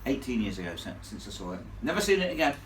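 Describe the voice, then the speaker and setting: A man telling a ghost story live to an audience in a chatty, animated way, laughing along with the crowd. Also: medium pitch, quick pace, a little hiss or hum. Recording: echoey room, from far off.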